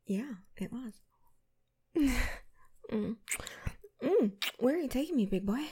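A woman's voice: sits high, expressive, slow pace, pauses often, warm tone, husky. A woman in a whispered role-play, speaking to a partner in an intimate, flirty, playful way. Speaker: audio role-play performer.

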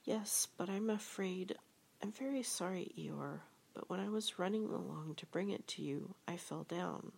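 A woman voicing a small, timid and anxious male piglet in a storybook, stammering in a soft, whispery way. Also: fairly low pitch, animated, measured pace, gravelly, breathy edge, voice pushed up, heavily acted.

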